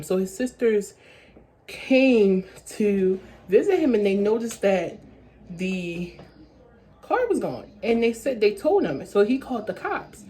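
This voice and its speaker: A young woman telling a story from her own life in a casual vlog, talking in quick bursts that restart and repeat phrases. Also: mid-range voice, warm tone, slight background noise, low-quality recording. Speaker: vlogger.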